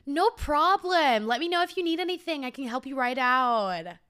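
A woman's voice: high-pitched, expressive, normal speed, pushed and bright, pitched above the performer's own voice. A woman putting on a gushing shop assistant. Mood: bubbly. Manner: gushing, pushy, relentlessly upbeat. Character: overly chirpy American female shop assistant.

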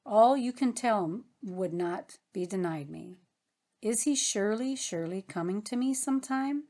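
A woman's voice: medium pitch, animated, unhurried, mellow. A woman reading as a tender, longing sister. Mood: yearning. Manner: pleading, tender. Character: tender longing woman, a departed mother of a son.

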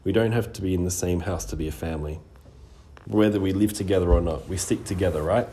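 A man voicing a calm, careful middle-aged woman who looks after two siblings, speaking in a measured way. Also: low-pitched, slight background noise. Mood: gentle.

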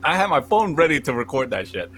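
A man's voice: fairly high pitch, fast, slight background noise. A young man telling a long comic story to friends, swearing constantly and acting out the lines he quotes. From Cambodian. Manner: animated, heavy swearing, acts out quotes. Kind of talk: profane comedic storytelling among friends.

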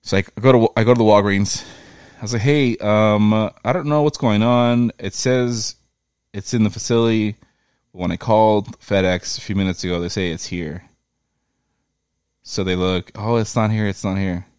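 A man's voice: fairly low pitch, normal speed, clear, resonant tone, dry recording, clean studio sound. A man casually telling a profane story in a chat, acting out the people in it. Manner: profane, animated retelling with quoted voices.

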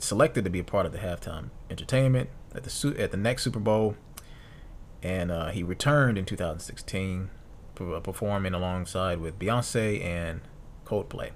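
A man's voice: fairly low pitch, slight background noise. A man in his thirties hosting a solo podcast, reading notes aloud and musing casually, with fillers and restarts. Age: 30s. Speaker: podcast host.

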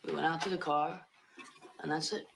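A man's voice: a little high, steady tone, moderate pace, gravelly, fairly bright tone, slight background noise. A man playing a confused young suspect who keeps repeating himself under questioning, heard as a film clip played from a distance.

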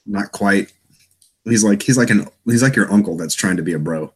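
A fairly low, husky male voice trading relaxed banter. He laughs often and slips into goofy impressions of quoted lines. Easygoing podcast chat. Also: normal speed. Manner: laughs often, playful, acts out silly quotes. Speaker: podcast co-host. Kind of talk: casual chat.

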